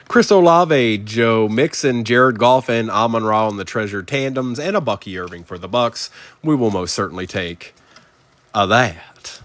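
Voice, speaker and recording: A man's voice: lowish voice, a little slow, fairly bright tone, dry recording. A man hosting a live sports card break, reading out player names and chatting with viewers.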